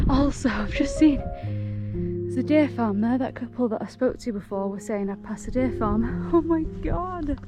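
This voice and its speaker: An excitable, chatty woman, talking casually to camera while hiking outdoors, laughing often. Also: high-pitched, measured pace, music in the background, low-quality recording. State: out of breath. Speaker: solo hiker vlogger.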